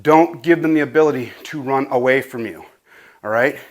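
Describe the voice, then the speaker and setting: A man's voice: mid-range voice, moderate pace. A man, a dog trainer, giving casual instructions in his garage, loose and a bit profane, out of breath from play. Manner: loose, profane, says "right?" a lot. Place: home garage.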